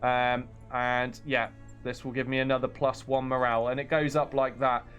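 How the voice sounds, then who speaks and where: A man's voice: mid-range voice, little pitch movement, moderate pace, muffled recording, faint music behind. An English man casually chatting on a game stream, reading chat and laughing at himself. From England. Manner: chatty, self-deprecating, laughs often, reads chat aloud.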